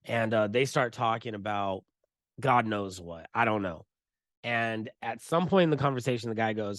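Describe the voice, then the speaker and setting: A man's voice: fairly low pitch, normal speed, no echo. Guy on a podcast ranting through a bar story, swears a lot, dry close sound. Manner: animated, profane, laughing storyteller. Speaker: podcast co-host. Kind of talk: casual storytelling chat.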